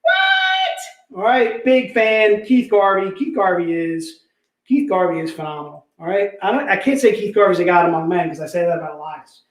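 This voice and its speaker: A man hosting a live comic book sale, pitching deals in energetic, repetitive, joking hype talk. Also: a little fast. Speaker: host selling comic books. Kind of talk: live online sales pitch. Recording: echoey room.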